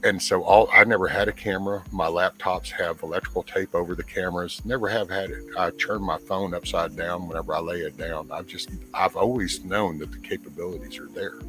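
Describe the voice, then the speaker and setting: A man's voice: deep voice, steady tone, fairly quick, hardly any pauses, fairly bright tone, soft background music, rough recording. A middle-aged man as a guest on a casual livestream panel, telling a long story in an earnest, rambling way with many restarts. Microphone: camera mic.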